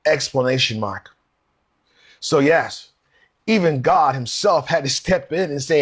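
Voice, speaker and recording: A man's voice: a little high, lively intonation, unhurried, pauses often, slightly rough. A man preaching a sermon, earnestly reading scripture aloud and asking rhetorical questions.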